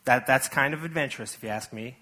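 A man's voice: mid-range voice, quick pace, bright, forceful tone. A man preaching a sermon to his church in a casual, conversational way, full of asides and acted-out quotes. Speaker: pastor.

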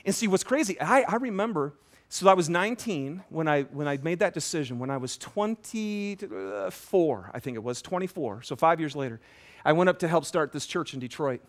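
A pastor in his fifties preaching a sermon in an animated, conversational way, throwing quick questions to the congregation. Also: a little high. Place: church.

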